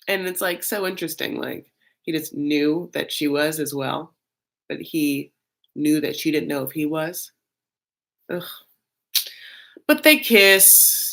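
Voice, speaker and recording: A man's voice: a little high, vocal fry. A man hosting a live reaction show, chatting casually and animatedly with lots of fillers and campy, self-mocking asides. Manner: chatty and animated, many fillers, bursts of mock voices.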